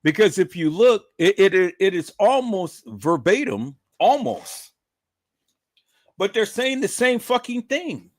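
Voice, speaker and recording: Speaking slowly in a high voice with big swings in pitch, this man hosts a livestream. He's emphatic and profane, repeats himself, and calls out to viewers again and again.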